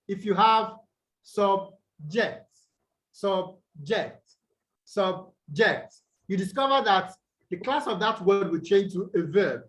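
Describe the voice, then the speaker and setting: Nigerian male teacher, higher-pitched voice, patient step-by-step explaining, online class audio. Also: a bit bright, poor audio. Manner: explains step by step, asks students to answer. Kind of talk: online English lesson over video call. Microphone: video call.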